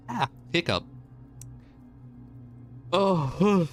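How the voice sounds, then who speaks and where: Male streamer, excitable casual chat, very lively pitch, soft music underneath. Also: takes it slowly, pauses often. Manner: excitable, jumps between mumbling and squealing.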